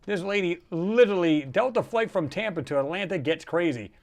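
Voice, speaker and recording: A man with a slightly high-pitched voice talks in a loose, rambling way as he hosts a casual livestream. He reacts to viewer comments with animated asides and lots of filler words. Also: a little fast. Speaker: livestream host.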